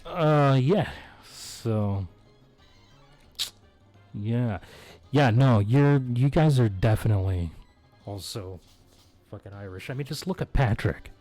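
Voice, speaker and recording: A man's voice: mid-range voice, expressive, slow, pauses often, mellow, no room sound. Dude chatting on his game stream, swears a lot, keeps laughing, faint music behind. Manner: crude, joking, laughs often. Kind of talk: casual live-stream chat.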